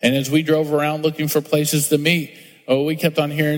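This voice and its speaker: A man's voice: fairly high pitch, little pitch movement, a little fast. A middle-aged man preaching a sermon as pastor, conversational and storytelling, acting out quotes in different voices. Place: church sanctuary. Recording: long hall reverb.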